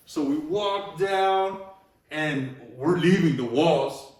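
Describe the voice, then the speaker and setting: Profane street-talking storyteller, echoey and distant. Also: male voice, a little high, slow pace. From Los Angeles. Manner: profane street-slang storytelling, says "bro" and "you know" a lot. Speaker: graffiti artist, interview guest. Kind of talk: casual storytelling interview. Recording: echoey room, mic at a distance.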